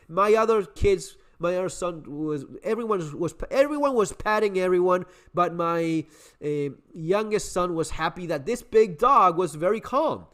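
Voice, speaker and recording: A middle-aged man telling a casual story on his channel in an animated way, swearing, repeating words and restarting his sentences. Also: high-pitched. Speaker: survival channel host.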